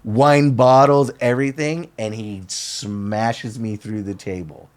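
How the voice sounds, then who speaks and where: A man sits in as a guest on a casual talk show and spins a story in relaxed, slangy speech. His voice sits at an ordinary middle pitch. He keeps slipping into the other people's lines to act them out. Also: takes it slowly. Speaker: podcast guest.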